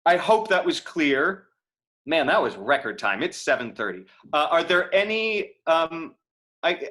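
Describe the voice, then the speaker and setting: A man's voice: mid-range voice, a bit bright. A man teaching an acting class on a video call, answering chat questions in a casual, chatty way, thinking aloud with many fillers and restarts. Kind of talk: live online lecture Q&A.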